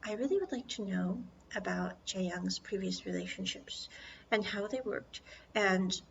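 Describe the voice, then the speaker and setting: Stiff, formal young man, halting delivery; a woman voicing him in a story recap. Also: mid-range voice, creaky, muffled recording, slight background noise. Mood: flustered.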